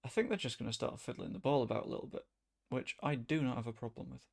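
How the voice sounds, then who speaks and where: A man chatting casually as he streams a football management game, rambling and breaking into sudden excited outbursts. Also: medium pitch, quick pace, gravelly. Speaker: gaming streamer. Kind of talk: casual gameplay commentary.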